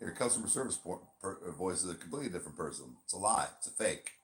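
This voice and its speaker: A man co-hosting a casual podcast, talking loosely and swearing, switching between a chirpy service voice and a flat low one. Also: rapid-fire. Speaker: podcast co-host; bartender.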